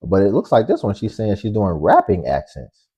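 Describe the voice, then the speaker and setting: A man hosting a reaction video, speaking in a relaxed, slangy way as he comments casually. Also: fairly low pitch, normal speed, slightly rough. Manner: relaxed, slangy, drawls and hedges. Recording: dull lo-fi audio.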